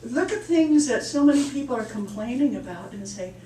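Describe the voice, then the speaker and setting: A woman's voice: a little high, lively intonation, brisk, mellow, a little hiss or hum. Chatty woman minister preaching in an echoey hall. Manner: chatty storytelling, laughs at own jokes. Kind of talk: sermon. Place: church hall. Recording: echoey hall, mic far off.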